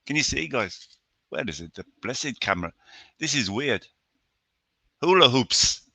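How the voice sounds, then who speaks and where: A man's voice: mid-range voice, sing-song, a little slow, bright, forceful tone, husky, no room sound. An English man hosting a casual live stream chat from home, chatty and greeting his viewers by name. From England. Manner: chatty, reads out viewer names.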